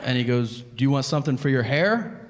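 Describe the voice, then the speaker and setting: A man's voice: mid-range voice, lively intonation, brisk. A man doing a stand-up set, telling a self-mocking, profane story and acting out both sides of a conversation. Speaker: stand-up comedian. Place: theater stage before a laughing audience. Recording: live hall with reverb and crowd noise.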